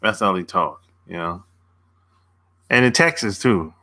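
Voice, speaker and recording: A man's voice: low-pitched, animated, a little slow, sharp tone. A man coaching on dating in a casual livestream, laid-back, chuckling often and answering viewers' chat by name.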